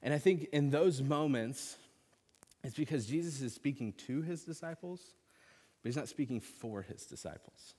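A man's voice: mid-range voice, lively intonation, moderate pace, dark tone, breathy edge. A man preaching a sermon as a pastor, earnest and conversational, with casual fillers. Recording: long reverb of a large hall.

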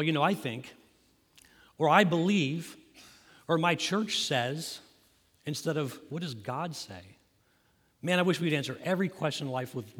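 A man delivers a sermon to his congregation in a casual, conversational manner and often turns to them with questions. His voice sits at an ordinary middle pitch. The sound trails off in a long reverb from the church hall. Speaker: pastor. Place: church sanctuary.

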